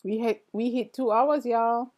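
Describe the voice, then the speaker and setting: A woman's voice: a little high, a little slow. A middle-aged woman hosting a live stream, chatting casually and answering viewer comments as they come in. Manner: relaxed, chatty, addresses viewers directly. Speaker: livestream host. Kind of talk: casual livestream chat, reading viewer comments.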